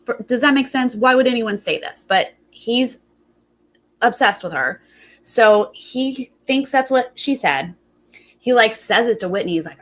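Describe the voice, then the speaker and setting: A woman's voice: fairly high pitch, moderate pace, rough recording. A young adult woman hosting a casual recap show. She tells stories with animation, acts out quotes and greets viewers by name. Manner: animated storytelling, acting out quotes, frequent "like". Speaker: host.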